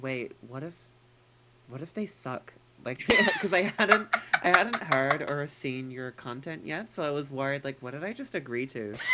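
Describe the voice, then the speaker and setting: A woman's voice: rumbling low, a bit bright, slight background noise. A woman co-hosting a casual chat, rambling and swearing casually, with a put-on American accent. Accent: non-native English put-on American. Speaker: co-host.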